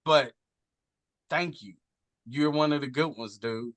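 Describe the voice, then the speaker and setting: A man, talking casually and earnestly as a guest, animated and swearing now and then. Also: medium pitch, slow pace, no echo. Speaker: guest on a wrestling talk show. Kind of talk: casual heartfelt chat.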